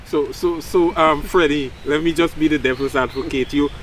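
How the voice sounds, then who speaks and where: A man with a Guyanese accent co-hosting a talk show, speaking in a measured, deliberate way with hesitant fillers. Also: on the high side, fairly even intonation. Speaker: co-host. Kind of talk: measured discussion. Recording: distant mic with faint noise.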